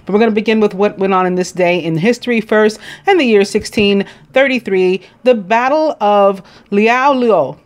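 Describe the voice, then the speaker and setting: A woman's voice: mid-range voice, moderate pace, hardly any pauses. A woman with a New York accent reading a daily list of history facts as a tarot reader, stumbling on names and adding casual asides. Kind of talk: reading daily almanac notes.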